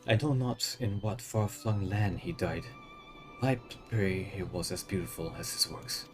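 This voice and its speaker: A man voicing a gentle, sorrowful village widow, in soft, measured speech. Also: low-pitched, faint music behind.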